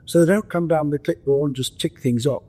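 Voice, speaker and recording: An older man, a guest in an interview, telling reflective stories in a gentle, anecdotal way with frequent restarts, speaking over a video call from his countryside home. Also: fairly high pitch, a little fast. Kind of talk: reflective storytelling.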